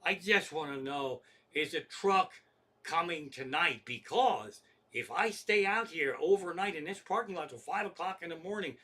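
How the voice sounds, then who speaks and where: Stand-up comedian, man, bright higher voice, profane exasperated storyteller who acts out both ends of his phone calls. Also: animated, normal speed.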